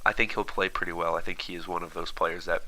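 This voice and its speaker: A man giving casual, rambling analysis of a team roster while watching footage, fast with many fillers and restarts. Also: deep voice, steady tone, sharp tone, low-quality recording. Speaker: esports commentator.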